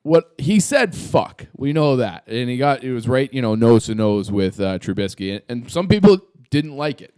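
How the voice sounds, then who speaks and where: A man's voice: mid-range voice, sing-song, normal speed, hardly any pauses, dark tone, smooth, no echo, studio quality. A young man from Illinois, co-hosting a casual sports podcast and telling loose, profane stories. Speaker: podcast co-host.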